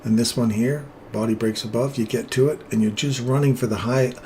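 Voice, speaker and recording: A man's voice: mid-range voice, fairly quick, slight background noise. Man explaining live trades. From England. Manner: jokey, relaxed and explanatory. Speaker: trading stream host. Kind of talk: live trading commentary.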